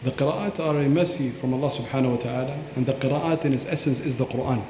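On a podcast, a man earnestly explains Quran recitation and demonstrates pronunciations aloud. He talks fast in a mid-range voice with a dark tone, recorded in an echoey room with a long reverb tail and a little hiss or hum.

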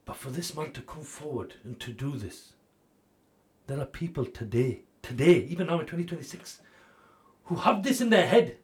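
A man making a charity appeal on TV. He swings between loud, pressing urging and hushed, intimate storytelling. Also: fairly high pitch, lively intonation, normal speed. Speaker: charity fundraiser. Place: TV studio.

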